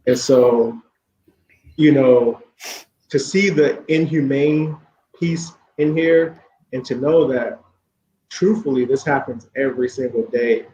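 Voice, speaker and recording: A man talking as a podcast guest, measured and composed. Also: mid-range voice, mellow, echoey room, highs cut off, a little hiss or hum. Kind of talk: discussion.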